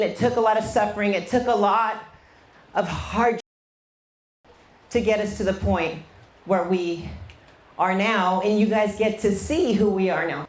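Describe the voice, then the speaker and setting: A woman's voice: medium pitch, a little mellow. A woman business coach giving a blunt, fiery motivational talk to a live audience, swearing freely. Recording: echoey room sound.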